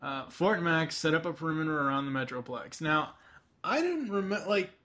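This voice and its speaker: A man's voice: a little high, lively intonation, normal speed, pushed and bright. A man co-hosting a podcast, chatting casually about a cartoon, rambling with lots of fillers, restarts and the odd swear. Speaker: podcast co-host. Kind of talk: casual chat.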